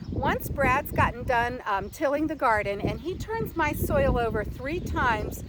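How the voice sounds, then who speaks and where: A woman's voice: sits high, animated, measured pace, very noisy. An older woman gives a rambling, casual how-to chat outdoors in her home garden, full of fillers and restarts, speaking to a camera she set up herself. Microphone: camera set up and angled by herself.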